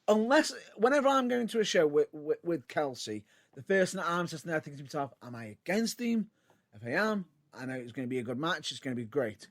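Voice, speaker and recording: A man, a wrestler, chats in a rambling way and keeps repeating himself. His voice is a bit higher than most men's. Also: animated, quick pace. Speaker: wrestler co-guest. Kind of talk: casual interview chat.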